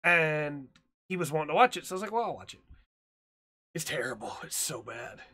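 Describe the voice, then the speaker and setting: A man trades jokes and teasing banter as a podcast co-host. His voice sits a little high and sounds bright and sharp. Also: expressive, a little fast. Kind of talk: casual chat.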